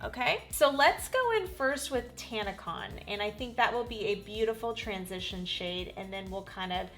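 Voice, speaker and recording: A woman in her forties gushing through a casual makeup tutorial, talking straight to her viewers with frequent excited exclamations. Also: medium pitch, moderate pace, soft background music. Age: 40s. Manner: gushing, animated, exclaims often. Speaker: beauty vlogger.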